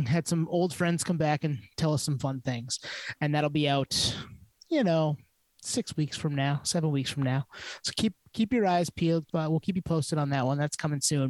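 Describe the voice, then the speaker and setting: A man with a fairly high voice jokes and rambles through a casual podcast chat. The sound is dry and close. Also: dry recording. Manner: joking, rambling. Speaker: podcast co-host.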